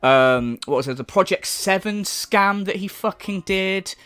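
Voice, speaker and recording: A man's voice: sits high, lively intonation, unhurried, pushed and bright, smooth, no echo. A man hosting a commentary channel, delivering an exasperated, profane rant full of mockery. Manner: exasperated, sweary, mocking.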